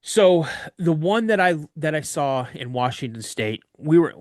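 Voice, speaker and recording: A man guest on a podcast, telling a story of an encounter in an animated way and acting out other people's voices. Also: fairly high pitch, measured pace, dry recording, studio quality.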